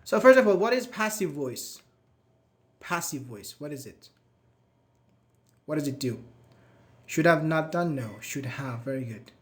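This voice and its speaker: With lively intonation and a slightly slow delivery full of frequent pauses, a male English teacher conducts a live grammar class. His pitch sits a little above the usual male range; he chats loosely, asks questions, and compliments students by name on their answers.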